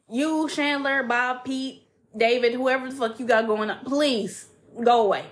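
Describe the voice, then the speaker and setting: A woman podcast co-host with a fairly high voice. She reads a listener's email dramatically, then gives blunt, profane advice in a casual tone. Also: a little slow, low-quality recording.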